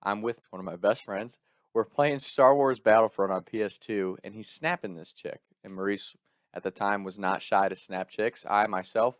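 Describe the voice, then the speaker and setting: A young man casually telling a personal story in an animated way, laughing often and swearing freely. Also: lowish voice, dry recording, clean studio sound.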